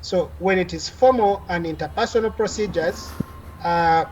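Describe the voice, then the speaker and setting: A woman's voice: lowish voice, normal speed, a little mellow, highs cut off, a little hiss or hum. Woman lecturing with frequent fillers. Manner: explanatory, frequent "uh" fillers and restarts. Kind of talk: online class lecture.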